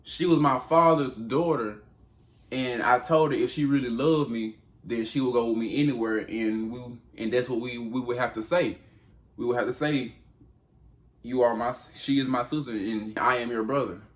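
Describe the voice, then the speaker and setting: A man's voice: medium pitch, normal speed, close to an everyday voice. A man voicing an old patriarch who hesitantly explains himself in a subdued voice. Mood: sheepish.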